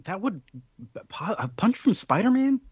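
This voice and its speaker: Husky and high-pitched, this man co-hosts a podcast and recaps a comic at a measured pace. He wanders into rambling asides, voicing the quoted characters with animation. The audio is dry, dull, and lo-fi.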